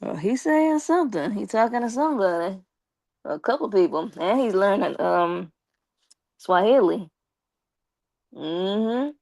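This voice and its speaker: A woman's voice: mid-range voice, animated, unhurried, creaky, pauses often, darkish tone, dry recording. A woman hosting a casual live stream, reading viewer comments aloud in a playful, teasing way and laughing often.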